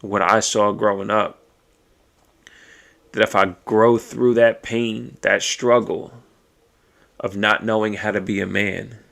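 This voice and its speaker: A man talking alone on his podcast in a heavily gravelly, fry-filled voice. His tone is raw and emotional, with frequent swearing, as he works through his thoughts out loud. His voice sits a little low. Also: little pitch movement, takes it slowly, pauses often. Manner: raw, emotional and profane, thinking aloud. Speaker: podcast host. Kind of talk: personal monologue.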